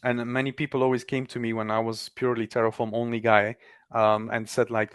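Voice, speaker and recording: A man in casual technical chat, animated, with quick restarts, acting out other people's lines. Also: medium pitch, clean tone, no echo.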